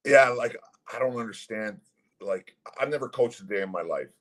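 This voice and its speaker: A man's voice: lowish voice, normal speed, low-quality recording. A middle-aged man, a former pro hockey player, bluntly telling a story with constant swearing as a guest. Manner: blunt, heavy swearing, animated retelling. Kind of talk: casual storytelling.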